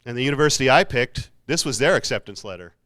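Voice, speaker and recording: Fast and expressive, a man with a mid-range, pushed, bright voice gives the keynote in a university hall. He keeps his motivational talk to students casual and jokey, with plenty of self-mockery.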